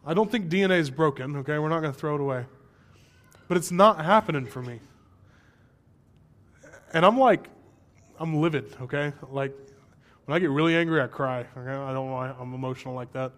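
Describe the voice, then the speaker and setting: A young man preaching from the pulpit with a notably high voice. He talks candidly and conversationally, then presses hard on his main points. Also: a bit bright. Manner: candid, conversational, with rising emphatic passages. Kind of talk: sermon.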